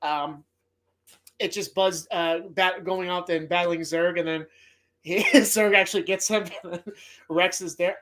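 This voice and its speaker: A man's voice: sits high, steady tone, measured pace, fairly bright tone. Brief: male podcast host, loose and rambling, swears freely, heartfelt. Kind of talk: casual movie podcast talk.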